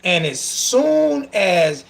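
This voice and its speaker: Brief: male sports talk host, high gravelly voice, emotional and sarcastic. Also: drawn-out words. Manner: emotional, animated, sarcastic, repeats himself.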